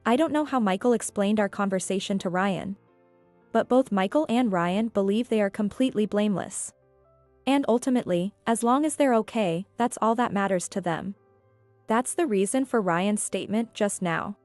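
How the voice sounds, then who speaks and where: A woman narrating a scripted first-person story in a calm, measured way. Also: medium pitch, no room sound. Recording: dry with faint music.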